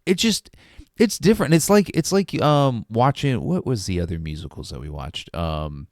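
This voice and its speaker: A man co-hosting a podcast, talking about a film in a halting way, full of restarts and ums. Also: medium pitch, lively intonation, a little mellow, dry recording, clean studio sound. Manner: hesitant, many restarts and ums. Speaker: podcast co-host. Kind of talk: casual movie review chat.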